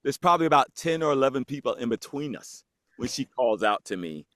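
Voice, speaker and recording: A man's voice: medium pitch, animated, a little fast, fairly bright tone, dry recording, studio quality. A man guest on a podcast, telling a story in casual chat and acting out the voices of the people in it, laughing often.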